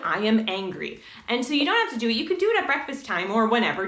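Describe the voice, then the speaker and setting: A woman's voice: mid-range voice, reverberant. A woman vlogger talking casually to camera in a chatty, rambling way about homeschooling. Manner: chatty, rambling, animated asides.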